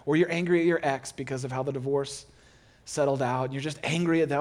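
A man preaching as pastor in a gentle, encouraging, conversational way, acting out a listener's inner thoughts in quoted asides. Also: on the high side, steady tone, moderate pace. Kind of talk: sermon.

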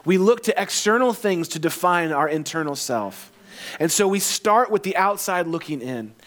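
A man's voice: high-pitched, expressive, moderate pace, fairly bright tone. Joking, conversational pastor man. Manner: conversational and joking, repeats phrases. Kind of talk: sermon.

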